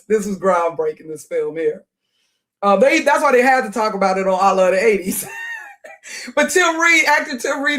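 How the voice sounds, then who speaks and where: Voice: medium pitch, fairly bright tone. A live stream host giving chatty, laughing reaction commentary on an old comedy film.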